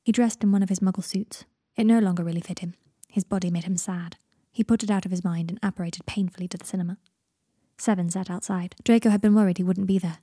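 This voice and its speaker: A woman hosting her own podcast, reading her own story aloud in a calm, even manner. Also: on the low side, quick pace, husky, no echo, studio quality. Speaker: podcast host and fanfic reader.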